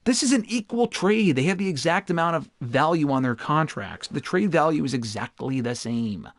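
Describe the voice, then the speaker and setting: Recorded with studio quality and no room sound, this young gaming streamer has a fairly high, animated voice at a moderate pace. He chats casually with his audience, curses at the game, and breaks into loud, frustrated outbursts while playing.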